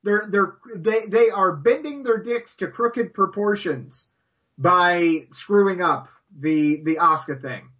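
A man's voice: high voice, takes it slowly, pushed and bright, lo-fi sound. A man co-hosting a casual podcast, ranting in exasperation with lots of swearing. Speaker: wrestling podcast co-host. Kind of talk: casual chat.

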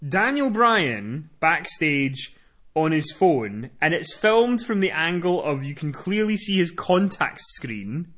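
Podcast co-host, man, bright and fairly high voice, animated wrestling recap. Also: takes it slowly. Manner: animated, swearing, recaps in a rush. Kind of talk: casual wrestling recap chat.

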